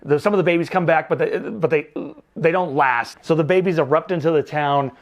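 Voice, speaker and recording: A man's voice: a little high, fairly quick, lo-fi sound. A man hosting a casual movie review show, recapping the plot with jokes, exasperated asides and casual swearing.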